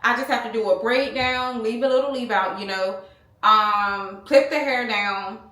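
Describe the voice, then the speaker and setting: Chatting with her audience as a beauty vlogger, this woman in her thirties from the United States wanders casually from topic to topic and addresses them as y'all. She speaks unhurriedly in a slightly high, pushed, bright voice, recorded at home on a small handheld camera with a roomy sound.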